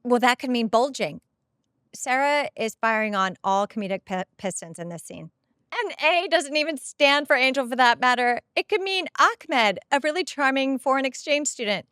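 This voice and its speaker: A middle-aged woman hosts a rewatch podcast, speaking into a headset mic with a voice that sits a touch high. She is openly emotional and animated in her commentary. The sound is dry and close, with no room around it. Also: measured pace, smooth, no room sound. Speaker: podcast host. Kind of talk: casual episode rewatch commentary.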